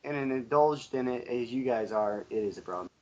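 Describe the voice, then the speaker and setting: A man's voice: medium pitch, expressive, normal speed, dull audio. A young man hosting a casual podcast over an online call, who teases the others with crude banter. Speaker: podcast host and editor. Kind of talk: casual chat. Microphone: computer mic on an online call.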